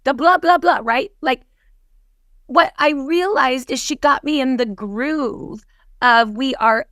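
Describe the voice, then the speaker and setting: A woman giving a lively coaching talk on a video call, telling stories and acting out the conversations in them. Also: high-pitched, no echo, clean studio sound. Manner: lively storyteller who acts out dialogue. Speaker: guest speaker, team leader. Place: home office on a video call. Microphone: video call microphone.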